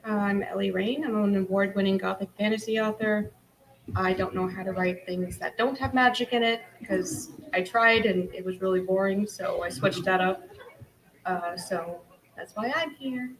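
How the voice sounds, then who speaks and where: A woman's voice: mid-range voice, steady tone, normal speed, rough recording. Giggly woman on a panel. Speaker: author and panelist. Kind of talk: casual panel chat. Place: convention panel room.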